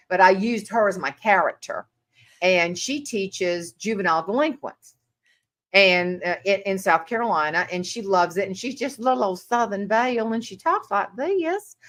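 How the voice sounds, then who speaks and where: A woman's voice: lowish voice, moderate pace, a bit bright. A woman hosting a casual chat, telling stories in a chatty way. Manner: chatty storyteller. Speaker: host.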